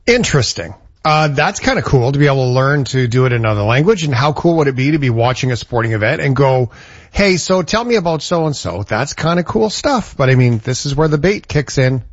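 A man's voice: mid-range voice, fast talker, no echo, lo-fi sound. A male host reacting to his guest with wry, joking remarks in casual chat.

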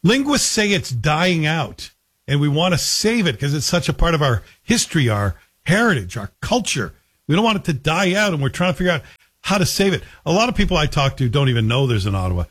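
A man from Scotland hosting a radio talk show, chatting in a lively, storytelling way. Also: on the high side, brisk, slightly rough.

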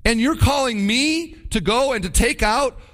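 A man's voice: very high voice, normal speed, fairly bright tone, voice pushed up. A man preaching voices Gideon as a complaining young farmer, protesting and exasperated.

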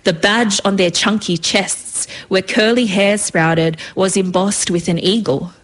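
A woman's voice: medium pitch, steady tone, measured pace. A woman reading her own story aloud in a vivid, rhythmic way. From Australia.

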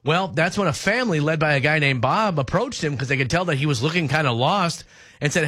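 A man hosting a radio show, telling stories in emphatic, animated casual banter. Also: a little high, fairly quick, breathy edge, no room sound.

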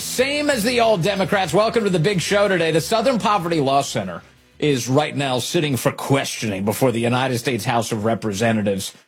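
A man hosting a political talk radio show in a sarcastic, combative, mocking manner. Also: high-pitched.

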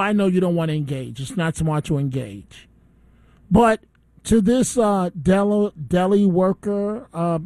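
A man's voice: high voice, dry recording. A man hosting a call-in radio talk show, ranting indignantly and taking calls.

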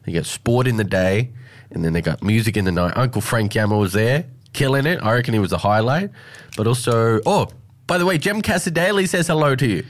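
A man's voice: medium pitch, expressive, a little fast. A man with an Australian accent, co-hosting a casual chat in a laid-back, joking way. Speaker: co-host.

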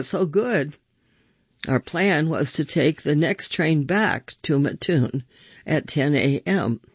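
A man reading first-person stories aloud with measured, expressive storytelling. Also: on the high side, husky, dry recording, muffled recording.

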